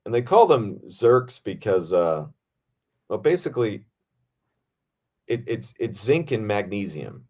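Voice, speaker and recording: A man hosting a podcast, telling a set story in a casual, animated way, with frequent swearing and fillers. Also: on the low side, slow pace, long pauses. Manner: animated, profane, lots of fillers. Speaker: podcast host.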